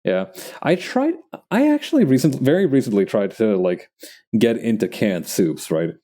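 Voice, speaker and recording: A man's voice: mid-range voice, very animated, normal speed, warm tone. A young man chatting casually while drawing on a live stream, rambling with lots of restarts and fillers and laughing at himself.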